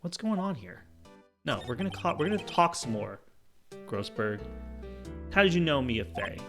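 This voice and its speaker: A man's voice: on the high side, very animated, moderate pace, over music, voice pushed up. A man reading as an earnest young lawyer. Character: young male defense attorney, earnest and puzzled.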